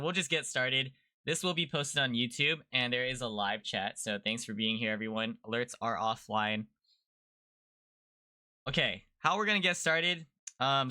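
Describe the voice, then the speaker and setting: A young man hosting a casual livestreamed podcast, chatty and relaxed, rambling a little with fillers. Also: medium pitch, no room sound. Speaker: podcast host.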